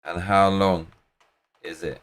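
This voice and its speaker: A man's voice: low-pitched, flat delivery, slow, fairly bright tone. A British man hosting a live stream, rambling casually with plenty of swearing and slang.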